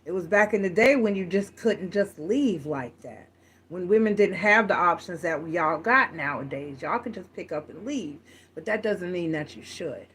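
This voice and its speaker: A woman's voice: fairly low pitch, lively intonation, moderate pace, a bit bright, a little hiss or hum. A woman quoting a bitter little old lady. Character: embittered little old woman, worn down by marriage.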